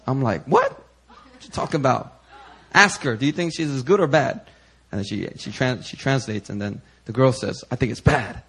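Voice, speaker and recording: Bright, animated male preacher telling a story. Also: mid-range voice, brisk, a little hiss or hum. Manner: animated, chatty storytelling with many fillers. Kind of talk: storytelling sermon testimony.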